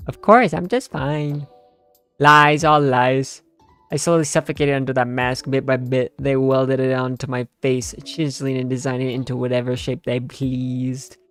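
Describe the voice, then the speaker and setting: A weary young student council president, read flatly from a game's text, as a man voices her lines in his own voice. The tone is gravelly and plain, with faint music behind. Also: medium pitch, moderate pace, lightly acted. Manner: flat reading of game dialogue.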